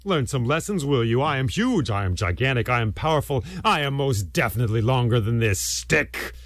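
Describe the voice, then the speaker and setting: A man voicing a vain, boastful giant male python who speaks slowly and grandly. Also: medium pitch, animated, no echo, clean studio sound, natural voice. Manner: slow, boastful, self-satisfied.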